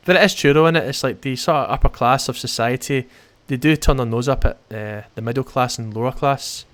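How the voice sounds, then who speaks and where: A man's voice: medium pitch, moderate pace, a bit bright. A young Scottish man hosting a casual, jokey let's-play video, chatting to his viewers. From Scotland. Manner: chatty, jokey, keeps saying "guys". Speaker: gaming video host.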